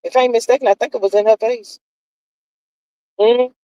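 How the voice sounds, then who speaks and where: A woman's voice: on the high side, fairly even intonation, moderate pace, warm tone, dry recording, low-quality recording. A woman, hosting a live stream and gossiping casually with viewers, sassy and drawling, calling everyone child and honey. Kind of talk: casual gossip chat reading viewer comments.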